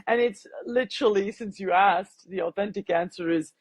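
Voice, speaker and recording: A woman with a slight accent talks as a podcast guest, upbeat and animated. Her voice is soft and breathy, mid-pitched. The sound is dry and close. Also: moderate pace, no room sound. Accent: foreign accent. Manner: bubbly, laughs often, animated. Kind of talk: casual interview chat.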